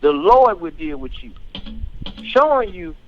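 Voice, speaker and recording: A man's voice: fairly high pitch, big pitch swings, unhurried, lo-fi sound, slight background noise. A male radio talk show host giving heated, preachy political commentary and often asking if listeners understand. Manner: fiery, preachy, keeps asking "you understand?".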